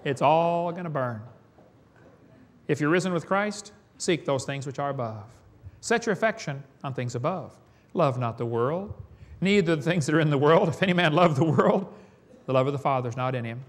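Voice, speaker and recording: Preacher guy, kinda high voice, folksy sermon, laughs at his own stories. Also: expressive, moderate pace. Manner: folksy storytelling with chuckles.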